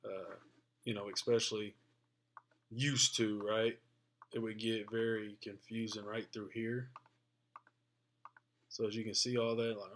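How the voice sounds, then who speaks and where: Low-ish male tutorial voice, informal explainer, lots of "uh" and "right?". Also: little pitch movement, unhurried, long pauses, fairly bright tone, a little hiss or hum. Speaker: trading tutorial presenter. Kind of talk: casual screen-share tutorial.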